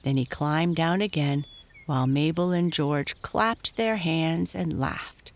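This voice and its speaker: A woman reading a children's storybook aloud, slow and lively, acting out the voices. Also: low voice. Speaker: narrator.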